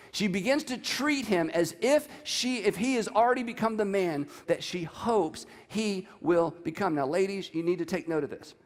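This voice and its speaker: Animated man preaching in a reverberant hall. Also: sits high. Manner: animated, reads scripture aloud with emphasis. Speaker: pastor. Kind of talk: sermon.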